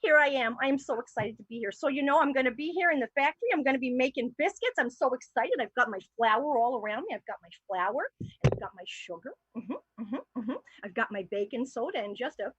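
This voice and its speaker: A woman's voice: high voice, lively intonation, a little fast, fairly bright tone, slightly rough, dry recording, muffled recording, full character voice. A woman playing a giddy young woman on her first day at a bakery in an improv scene, gushing and repeating herself.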